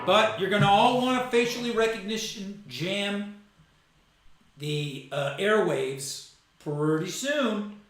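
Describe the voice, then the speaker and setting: A man's voice: high-pitched, slow pace, a bit bright, very echoey, soft background music, low-quality recording. Man rambling jokes on a live stream. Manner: loose, joking, digressive, laughs at own jokes. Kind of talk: rambling comedic monologue.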